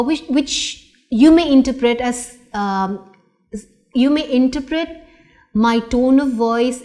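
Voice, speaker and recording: A middle-aged woman giving a recorded lecture, slow and deliberate, with many fillers and restarts. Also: on the high side, darkish tone.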